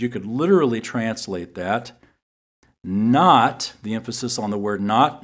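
Earnest male Bible teacher. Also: on the low side. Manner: earnest, repeats key phrases for emphasis, reads scripture slowly. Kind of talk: sermon teaching.

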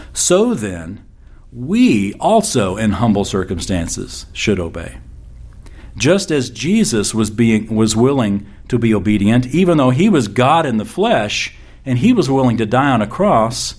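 A man preaching a sermon, reading scripture aloud with slow emphasis and repeating key phrases. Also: mid-range voice, a little mellow. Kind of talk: expository sermon.

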